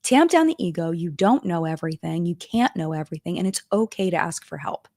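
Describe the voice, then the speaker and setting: A woman's voice: lowish voice, lively intonation, a little fast, a little mellow, dry recording, clean studio sound. A middle-aged woman hosting a live-stream chat, talking casually and emotionally, with many fillers and restarts. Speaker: live-stream commentary host.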